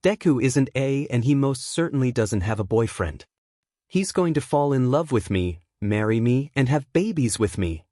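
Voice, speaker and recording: A man's voice: mid-range voice, lively intonation, moderate pace, dark tone, dry recording, studio quality, close to an everyday voice. A man voicing a pushy, possessive teenage girl who speaks with entitled insistence. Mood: indignant.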